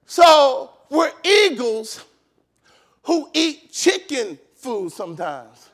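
High-voiced, gravelly preaching pastor. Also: male voice, very animated, drawn-out words. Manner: shouting, emphatic preaching with repetitions. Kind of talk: sermon.

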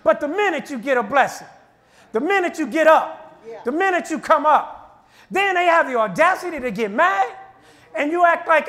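Brief: male minister, sermon, very high and forceful voice, shouting refrains. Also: lively intonation, normal speed. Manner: fervent preaching with shouted repeated refrains.

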